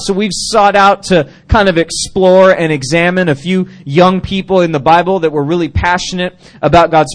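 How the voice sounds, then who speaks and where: A man preaching a casual youth sermon at a church service, chatty and jokey, with frequent restarts. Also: high-pitched. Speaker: youth pastor.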